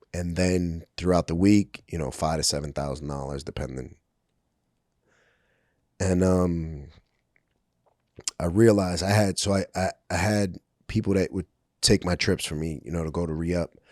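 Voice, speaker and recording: A man's voice: low voice, darkish tone, no room sound, clean studio sound. A middle-aged man from Brooklyn, a podcast guest, telling his life story candidly with many ums and acted-out quotes. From Brooklyn, New York. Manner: candid, frequent ums, acts out quoted dialogue. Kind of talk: personal storytelling in a podcast interview.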